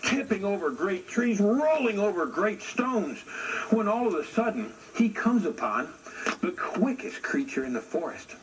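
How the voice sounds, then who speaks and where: A male storyteller leads the listener through a traditional animal tale, slow and deliberate. His voice swoops up and down expressively. A steady hiss of noise runs under the recording. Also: high-pitched. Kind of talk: oral storytelling for an audience. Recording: noisy recording.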